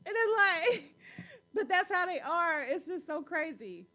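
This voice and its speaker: A woman's voice: extremely high pitch, sing-song, unhurried, sharp tone. A woman hosting a casual livestream chat, playful and teasing, laughing often as she reads viewer comments.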